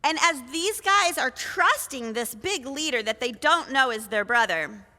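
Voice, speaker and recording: A woman's voice: high-pitched, lively intonation, a little slow, pushed and bright, big-room sound. A woman preacher retelling a scripture story in a conversational sermon, full of rhetorical questions. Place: church.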